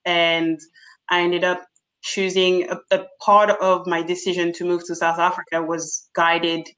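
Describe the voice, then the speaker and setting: A woman bartender speaking frankly on a video-call panel, animated and laughing often, with many fillers. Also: lowish voice, poor audio. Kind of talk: candid panel discussion.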